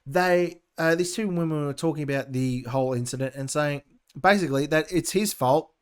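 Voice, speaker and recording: Australian man, young adult, podcast host, sarcastic ranting, fairly high-pitched voice. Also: moderate pace, clear, resonant tone. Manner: ranting, sarcastic, reads news aloud and interjects. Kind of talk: casual opinion podcast.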